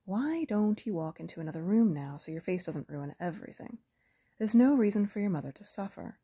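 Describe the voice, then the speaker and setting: A woman voicing a calm, calculating female hunter with a soft, pleasant alto, speaking quickly in a light, friendly, amused way. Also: medium pitch, slightly rough, heavily acted. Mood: calmly menacing. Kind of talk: audiobook character reading.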